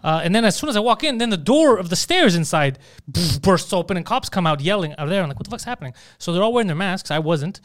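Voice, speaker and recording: A man telling a profane, animated story in casual chat. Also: high voice, fast. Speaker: podcast host.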